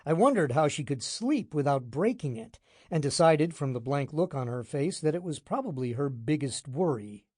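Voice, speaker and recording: A man narrating a hard-boiled detective audiobook in the first person, wry and deadpan. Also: fairly high pitch, moderate pace, hardly any pauses, no room sound, clean studio sound.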